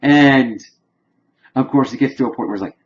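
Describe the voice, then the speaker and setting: A man recapping a TV episode in a loose, rambling way, filling every pause with "like". His voice sits at an ordinary middle pitch. The recording is slightly dull and lo-fi. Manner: rambling, heavy use of "like". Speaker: TV episode reviewer. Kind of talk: casual spoken episode recap.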